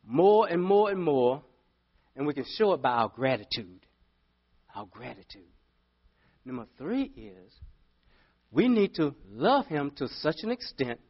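A middle-aged male pastor preaching a sermon, telling a story with big swings from loud to hushed. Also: a little high, highs cut off.

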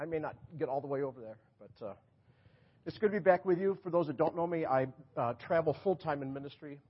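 Husky, joking guest preacher. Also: male voice, medium pitch, muffled recording. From New York. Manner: chatty, joking preacher who laughs at his own jokes. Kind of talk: sermon. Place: church sanctuary.

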